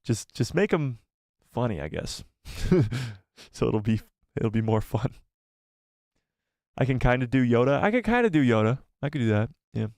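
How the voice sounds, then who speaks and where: A man hosting a casual live stream, animated and self-deprecating, who laughs often. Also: medium pitch, normal speed, dry recording, clean studio sound. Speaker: livestream host.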